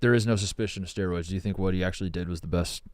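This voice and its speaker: A man's voice: sits low, steady tone, very fast, dry recording. A man co-hosting a casual sports podcast with dry, playful humor. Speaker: podcast co-host.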